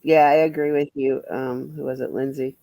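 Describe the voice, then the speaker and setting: A man's voice: mid-range voice, little pitch movement, moderate pace, dark tone, no room sound, rough recording. A man chatting bluntly with viewers on a livestream, rambling and swearing freely. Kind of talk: casual livestream chat answering viewers.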